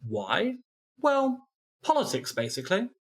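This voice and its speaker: A man's voice: high-pitched, huge pitch swings, a little slow, slightly rough. A man in his thirties with a New Zealand accent, co-hosting a casual podcast chat with playful, goofy asides. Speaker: podcast co-host.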